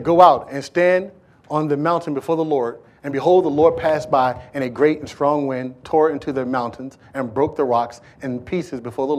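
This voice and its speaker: A man preaching a sermon in a folksy, conversational way, restarting phrases and speaking directly to the congregation. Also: mid-range voice.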